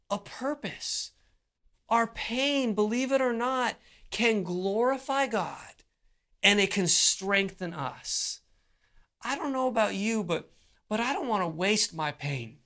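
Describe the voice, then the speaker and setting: A preacher delivering a sermon, pausing often and repeating words as they build each point. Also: mid-range voice, fairly bright tone. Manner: slow, deliberate delivery with frequent repeated words and pauses.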